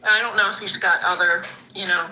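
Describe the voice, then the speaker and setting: A woman's voice: mid-range voice, fairly even intonation, fairly quick, bright, forceful tone, slight background noise, rough recording. A woman pet owner chatting casually, rambling and restarting her sentences. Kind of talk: casual street chat.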